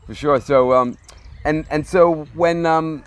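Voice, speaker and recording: A man's voice: fairly high pitch, steady tone, takes it slowly, clear, resonant tone. A man hosting a casual interview, asking prompting questions and agreeing often. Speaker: interviewer, show host.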